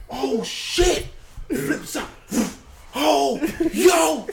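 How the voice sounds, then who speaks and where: Man, high voice, very lively range, casual profane storyteller who acts out the quotes. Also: moderate pace, vocal fry, slight background noise.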